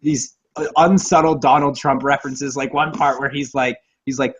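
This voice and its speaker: A man's voice: on the high side, brisk, few pauses, slightly rough. A man co-hosting a casual movie podcast, laughing often and swearing as he riffs on films. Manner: animated, laughing, swears, does mocking quoted voices. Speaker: podcast co-host. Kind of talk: casual chat about movies.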